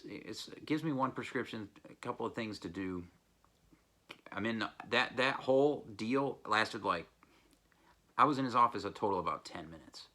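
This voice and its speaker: Low-voiced man, blunt and profane. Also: sharp tone. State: unwell, recovering from illness. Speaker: record collecting vlogger. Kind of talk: casual vlog monologue.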